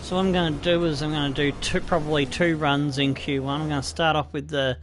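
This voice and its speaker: An Australian man commentating his own racing game play, animated and swearing, talking to the car as he drives. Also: fairly high pitch, fairly quick, noisy background. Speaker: gaming video creator.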